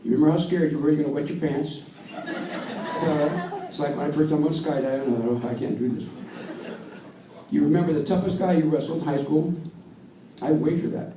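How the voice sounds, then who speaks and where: Speaking a little high and a little fast, the same kind of older American wrestling coach gives a heartfelt, story-driven induction speech before an awards-dinner audience, hammering his points through repetition. The banquet hall recording sounds distant and echoey, with faint room noise.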